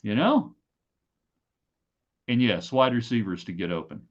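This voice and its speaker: A man's voice: on the low side, measured pace. Emphatic man, lo-fi stream. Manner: animated, emphatic, rambling. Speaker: host. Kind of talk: casual live-stream chat. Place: home office.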